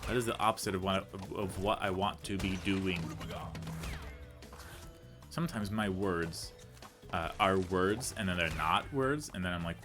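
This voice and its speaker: A man giving casual, rambling commentary over a video game he is playing, full of tangents and self-deprecating jokes. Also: low voice. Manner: rambling, chatty, goes off on tangents; self-deprecating, jokey asides. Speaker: let's play commentator.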